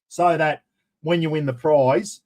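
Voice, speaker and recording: Brief: Australian man, charity stream host, chatty and matey, voice sits a little high. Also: steady tone, measured pace. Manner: matey, rambling shout-outs to viewers. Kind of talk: casual live-stream chat.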